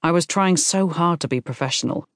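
A woman's voice: lowish voice, a little fast, no echo, clean studio sound, natural voice. A woman voicing an earnest middle-aged man. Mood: tender. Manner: earnest, apologetic, eager. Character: man in his forties, tender and nervous.

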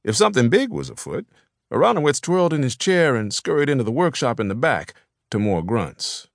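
A man narrating an audiobook in a measured, even storytelling manner. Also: medium pitch, gravelly, no room sound, clean studio sound. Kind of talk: scripted narration.

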